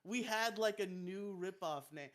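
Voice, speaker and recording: Man, podcast co-host, casual chat, slightly higher pitch, stammering, laughs a lot. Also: a little slow, a bit bright. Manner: stammering, laughs often, jokey.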